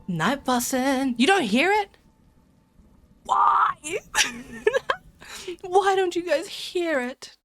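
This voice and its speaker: A young woman streamer with a medium-pitched, slightly bright voice plays a game while chatting casually with her viewers. She giggles, jokes, and talks directly to chat throughout her gaming commentary.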